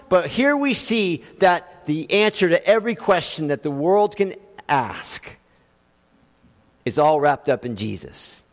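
In a sermon full of rhetorical questions, a male pastor preaches forcefully to his congregation. His voice is high for a man, and it echoes with the long reverb of a church hall.

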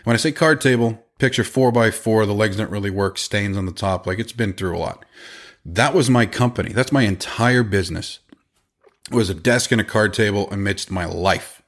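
A man with a somewhat low voice tells stories in a casual monologue. He is emphatic and animated, and his speech comes in rapid bursts. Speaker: podcast host and business owner.

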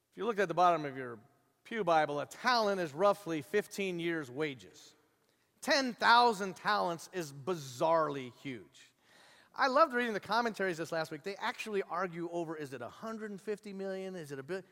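Animated high-voiced preacher in a reverberant hall. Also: male voice, normal speed. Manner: animated storytelling, acting out the characters' voices. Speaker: pastor. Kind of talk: sermon.

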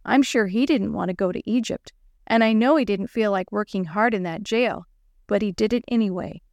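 A woman voicing an eager young schoolgirl in a children's story, a little higher and bright. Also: moderate pace, creaky, no room sound, clean studio sound, lightly acted.

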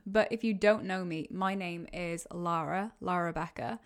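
A woman's voice: fairly low pitch, normal speed. A young Welsh woman hosting her own podcast, talking through a casual solo Q and A in a chatty, rambling way and correcting herself as she goes, into a podcast microphone. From Wales. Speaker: podcast host.

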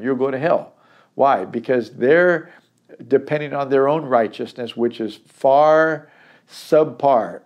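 A man leads a daily Bible study in an earnest, emphatic preaching manner. He reads scripture aloud and then explains it, pressing his points home. His voice sits at an ordinary middle pitch for a man. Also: darkish tone. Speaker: Bible teacher.

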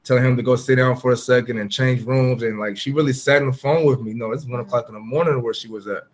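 A man speaking at an ordinary mid pitch, telling his own story as a podcast guest. His talk is earnest and open, loose and conversational, full of fillers. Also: fairly even intonation, fast. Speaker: podcast guest, former pro football player. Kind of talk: candid personal storytelling in a conversation.

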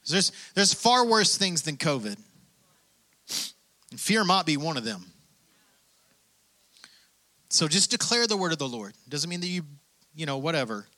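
Speaking unhurriedly and pausing often, a pastor preaches in a slightly high, very animated male voice with a sharp edge. Between scripture readings he builds to emphatic bursts, calling out "come on" to push his listeners.

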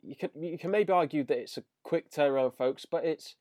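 A man's voice: a little high, a little fast, darkish tone, no room sound, clean studio sound. A man hosting a podcast, enthusiastically recapping a cartoon episode with lots of fillers. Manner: enthusiastic, paraphrasing scenes with filler words. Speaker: podcast host. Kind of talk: casual chat reviewing an episode.

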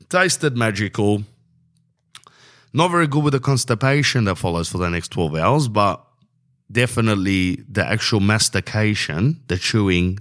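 A man's voice: fairly low pitch, fairly bright tone. Slangy Australian man telling rambling stories. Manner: slangy, rambling, comic exaggeration. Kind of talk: casual storytelling monologue.

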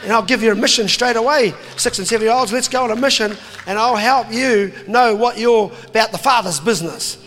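A man preaching to a crowd, animated and jokey, slipping into voices. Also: very high-pitched, brisk, long reverb tail, slight background noise. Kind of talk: impassioned sermon to a crowd.

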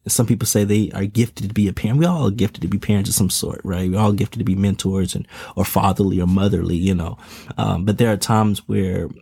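A man with a low, husky voice talks frankly about his life as a parent. He is earnest and slangy, often repeating words as he goes. The sound is close and dry, with no room around it. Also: steady tone, a little fast, mellow, no room sound. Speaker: father of twin toddlers. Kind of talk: candid casual monologue. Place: home in Texas.

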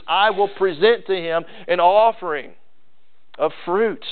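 A man's voice: high voice, measured pace, clean tone. A male pastor preaching a sermon in a folksy, emphatic way, repeating key phrases. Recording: tinny phone-like sound.

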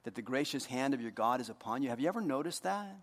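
A man preaching a sermon to his congregation, joking with them and moving between hushed earnest moments and loud, playful ones. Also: mid-range voice, animated, fast talker, in a large hall. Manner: jokey, talks directly to the congregation. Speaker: pastor. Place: church hall.

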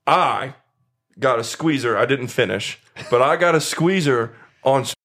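A man guest on a casual podcast, swearing a lot as he excitedly insists his story is true. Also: mid-range voice, measured pace. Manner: crude, excitable, heavy swearing.

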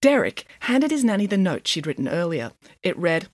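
Lively woman reading a children's story. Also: fairly low pitch, normal speed, dry recording. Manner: playful, lively read-aloud.

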